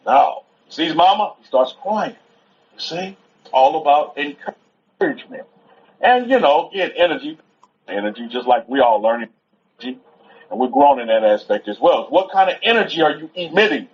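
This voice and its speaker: Animated high-voiced man preaching casually. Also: normal speed. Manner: rambling, repetitive, conversational, stops to soothe a toddler. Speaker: teacher at a Sabbath gathering. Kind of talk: informal sermon. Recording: dull lo-fi recording.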